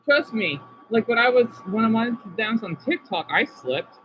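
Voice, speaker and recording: Streamer woman, high and bouncy voice, chatty, slightly dull recording with faint hiss. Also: big pitch swings, normal speed. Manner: chatty, talks to viewers by name, sounds out words. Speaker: livestreamer reading chat. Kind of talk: casual live-stream chat.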